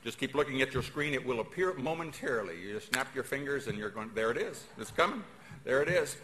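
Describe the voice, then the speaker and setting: A man delivers a public speech in a folksy, emphatic manner, leaning on pauses to drive each point home. His mid-range voice carries a long, roomy reverb from a large hall. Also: medium pitch, expressive, pushed and bright. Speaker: speaker. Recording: echoey hall.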